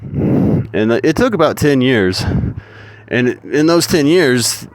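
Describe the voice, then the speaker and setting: A man's voice: medium pitch, big pitch swings, takes it slowly, no room sound. A man telling a story in a casual, profane and rambling way, full of swearing and asides.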